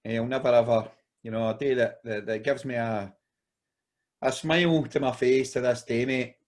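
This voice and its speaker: A man's voice: medium pitch, fairly even intonation, normal speed. A Scottish man co-hosting a podcast, rambling through a long story in casual chat and calling his friend mate. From Scotland. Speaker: podcast co-host.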